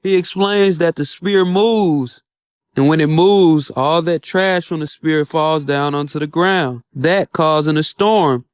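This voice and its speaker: A man's voice: fairly high pitch, takes it slowly, clean tone, dry recording, studio quality. A man recapping an anime episode in an upbeat, casual, slangy storytelling way. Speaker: anime reviewer.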